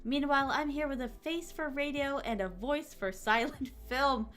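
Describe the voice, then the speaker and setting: Soft motherly woman streamer. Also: sits high, normal speed. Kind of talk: casual chat reading stream comments.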